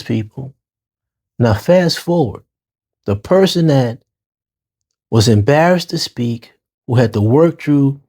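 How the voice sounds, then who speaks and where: A middle-aged man with a New Orleans accent tells his own story, talking to his listeners as "y'all". His phrasing is casual and full of street slang, and his voice sits at a medium pitch. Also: a little mellow. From New Orleans, Lower Ninth Ward. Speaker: podcast host. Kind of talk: personal storytelling monologue.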